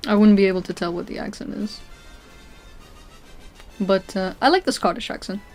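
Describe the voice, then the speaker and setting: A woman's voice: medium pitch, moderate pace, a little mellow, faint music behind. A young woman from Portugal, a live streamer chatting casually with her viewers while she plays a video game. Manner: chatty, answering chat, often laughing and trailing off.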